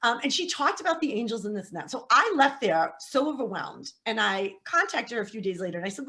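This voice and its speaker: A woman's voice with a rather high pitch that swings widely up and down as she talks. She is middle-aged, a psychic medium guest on a casual podcast, telling her story with laughs and acted-out quotes. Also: fairly quick, hardly any pauses. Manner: animated, laughing, acts out quotes.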